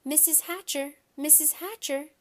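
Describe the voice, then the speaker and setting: A woman's voice: sits high, a little slow, voice pushed up. A woman doing a bossy, pushy schoolgirl. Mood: eager pleading. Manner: pleading and insistent.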